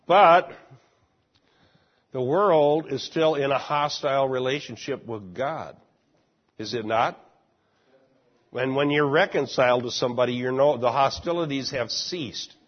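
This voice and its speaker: Husky man teaching a Bible class. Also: mid-range voice. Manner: explanatory, asks the class questions. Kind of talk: Bible class lecture and discussion. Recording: muffled lo-fi recording.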